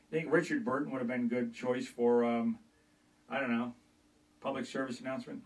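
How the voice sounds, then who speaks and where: A man's voice: medium pitch, fairly quick, far from the mic, poor audio. Rambling man between impressions. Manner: rambling, hesitant asides full of fillers. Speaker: impressionist comedian. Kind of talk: comedy impressions routine.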